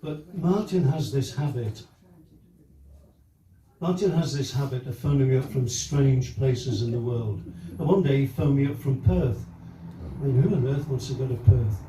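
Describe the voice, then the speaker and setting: A man's voice: mid-range voice, normal speed, dark tone, slight background noise. An older folk singer chatting and telling jokes to his audience between songs at a live club gig. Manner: chatty, joking storyteller who chuckles often. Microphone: stage microphone with guitar. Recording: roomy live venue recording from a distance, with guitar.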